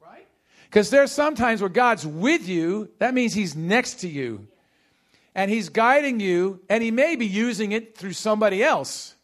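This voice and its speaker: A male pastor with a high-pitched, expressive voice preaches, trading call-and-response with the congregation. His delivery alternates between rapid bursts and slow, heavily stressed phrases.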